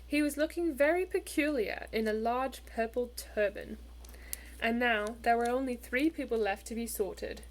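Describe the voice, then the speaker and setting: A woman narrating a children's storybook in an expressive, measured way. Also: a little high. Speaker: audiobook reader.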